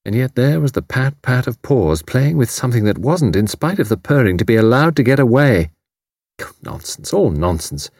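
A man narrating an audiobook in a measured, expressive reading style, close to the mic. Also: mid-range voice, no room sound. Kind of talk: scripted narration.

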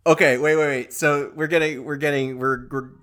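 A man co-hosting a podcast in casual movie-discussion chat, animated and joking. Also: on the high side, normal speed. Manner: animated, joking, laughs often. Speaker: podcast co-host.

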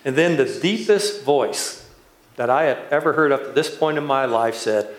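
A man preaching a sermon, telling a personal story in an unhurried, storytelling way. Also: mid-range voice. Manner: unhurried storytelling, building to laughter. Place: church. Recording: echoey church room.

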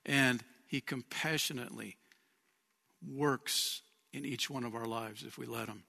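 A man preaching a sermon as pastor, in a lively, conversational way with frequent chuckles. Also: medium pitch, measured pace, gravelly, slightly rough. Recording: long church-hall reverb.

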